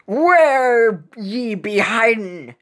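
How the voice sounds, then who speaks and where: A woman voicing a boastful male cookie pirate captain, drawling slowly with pirate arrs while reading game cutscenes. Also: fairly high pitch, animated, fairly bright tone, pitched above the performer's own voice, exaggerated voice. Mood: swaggering. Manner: slow growling pirate talk with arrs.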